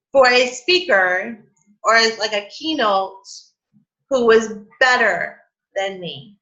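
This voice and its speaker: A woman's voice: a little high, bright, forceful tone. A woman hosting a casual spiritual chat, talking with heartfelt emotion and many fillers, laughing and close to tears. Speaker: host of a spiritual coffee chat. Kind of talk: casual heartfelt talk to a live group. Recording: dull lo-fi stream audio.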